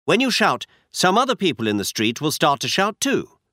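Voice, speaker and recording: A man voicing a shrewd, confident male detective who lays out his schemes in crisp, commanding explanations. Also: a little high, wildly swooping pitch, normal speed, pushed and bright, dry recording, clean studio sound, pitched above the performer's own voice, heavily acted. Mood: plotting.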